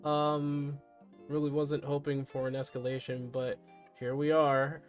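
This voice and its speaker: A man's voice: mid-range voice, little pitch movement, unhurried, faint music behind. A man hosting a live stream, chatting candidly and in a subdued way as he reacts to news and to his chat.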